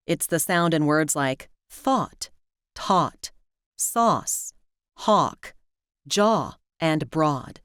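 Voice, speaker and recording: American woman, pronunciation teacher, slow careful delivery, lively lilting pitch, dry close sound. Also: dry recording. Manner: clear, careful enunciation of example words. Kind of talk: scripted instructional narration.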